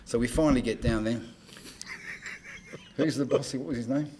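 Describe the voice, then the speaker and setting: An older Australian man spinning a yarn on a podcast, his voice sitting at an ordinary middle pitch. He tells his stories with relish, leaping up loud whenever he acts out what was said. A faint hiss sits under him. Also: normal speed. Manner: animated anecdote-teller, acts out dialogue in raised voice. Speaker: guest, entertainment promoter. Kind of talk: casual storytelling on a podcast.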